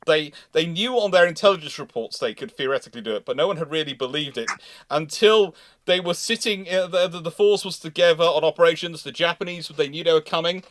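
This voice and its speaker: A man's voice: fairly high pitch, brisk, a bit bright, no room sound, studio quality. Man hosting a rambling live Q&A. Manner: rambling anecdotal storytelling, acts out quotes. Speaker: host. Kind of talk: live naval history Q&A stream.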